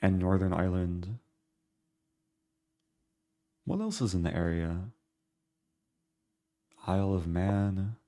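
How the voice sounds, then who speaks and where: A man streaming live, thinking aloud as he calculates his moves in a relaxed, halting way. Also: deep voice, no echo, studio quality. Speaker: chess streamer. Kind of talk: live-stream game commentary.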